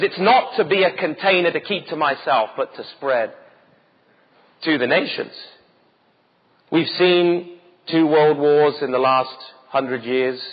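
Husky, urgent male preacher. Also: mid-range voice, in a large hall, highs cut off. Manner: urgent, emphatic, rhetorical questions. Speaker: pastor. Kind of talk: sermon.

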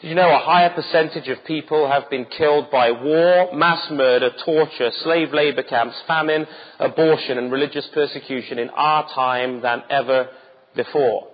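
A man's voice: mid-range voice, steady tone, moderate pace, big-room sound, lo-fi sound. A man preaching a sermon with urgency and emphatic rhetorical questions. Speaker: pastor.

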